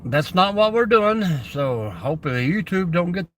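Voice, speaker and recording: A man hosts a casual livestream and greets his viewers by name as he rambles. His bright, fairly high voice swings up and down a lot, and he takes his time. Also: big pitch swings, moderate pace, slight background noise. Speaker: camping channel host.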